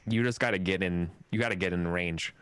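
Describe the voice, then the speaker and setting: A man's voice: low-pitched, brisk, a loud crowd. A man playing a tabletop war game, chatting eagerly with the group. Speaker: player. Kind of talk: casual tabletop game chat.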